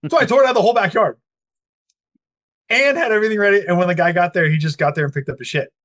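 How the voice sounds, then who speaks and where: A man in casual chat, telling a story in an animated, profane way and acting out what people said. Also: sits high, fast. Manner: animated, profane storyteller who acts out quoted speech.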